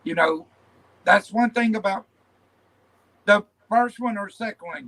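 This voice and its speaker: A man's voice: high-pitched, measured pace, sharp tone, low-quality recording. A man hosting a casual panel chat about his beliefs, blunt and rambling, repeating himself as he talks. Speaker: channel host.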